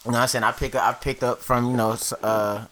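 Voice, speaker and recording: A young man from Atlanta with a Southern accent, telling a story on a podcast in a loose, halting way full of fillers. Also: mid-range voice, flat delivery, a bit bright. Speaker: podcast co-host. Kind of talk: casual chat.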